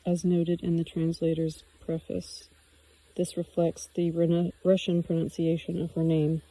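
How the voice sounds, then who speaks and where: Mellow, even-toned woman narrator. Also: fairly low pitch, a little slow, poor audio. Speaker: audiobook narrator. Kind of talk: first-person audiobook narration.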